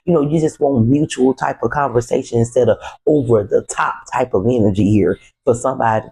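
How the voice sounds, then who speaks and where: Gravelly, mellow-voiced male tarot reader. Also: medium pitch, a little fast, few pauses, poor audio. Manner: relaxed, conversational, speaks to viewers as "you" and "the collective". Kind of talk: casual spoken tarot reading.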